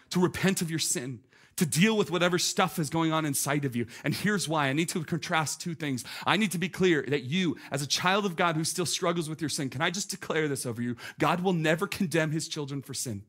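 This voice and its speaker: A man in his thirties preaching a sermon, animated and conversational, with many "like" asides. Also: on the high side. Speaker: pastor.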